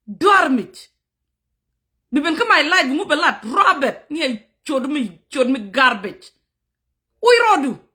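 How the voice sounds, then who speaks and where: In a high-pitched, bright and forceful voice, this woman berates commenters during a live stream, a furious rant from a content creator who moves back and forth between English and another language.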